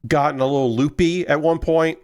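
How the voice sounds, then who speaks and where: This young man's voice is on the high side, steady, clear and resonant, a little mellow and a little fast. Chatting on a stream while he builds a model kit, he rambles in exasperation, cursing freely and asking the same questions again and again.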